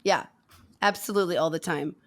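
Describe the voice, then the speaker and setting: A woman co-hosting a podcast in casual chat, animated and quick to laugh as she retells favorite movie lines. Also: on the low side. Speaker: podcast co-host.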